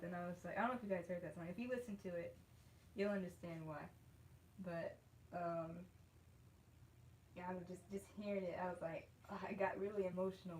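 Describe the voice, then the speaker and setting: A woman artist chatting casually with viewers while she paints, rambling, restarting her sentences and laughing often. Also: fairly low pitch. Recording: echoey room, faint background noise.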